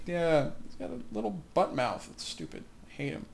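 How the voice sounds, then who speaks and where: A man's voice: fairly high pitch, huge pitch swings, normal speed, gravelly, a little mellow. Joking man commentating gameplay. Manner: joking, rambling, with fillers. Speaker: let's play host.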